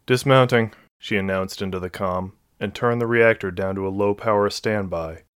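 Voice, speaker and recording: A man narrating a science-fiction novel in a steady, measured reading. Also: deep voice, smooth, dry recording. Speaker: audiobook narrator. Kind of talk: scripted narration.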